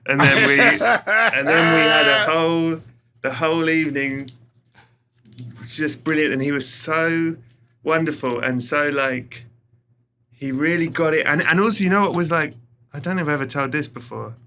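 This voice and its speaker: A man who is a podcast guest, telling a story in a casual, animated way. He swears freely and laughs often. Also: on the high side, normal speed.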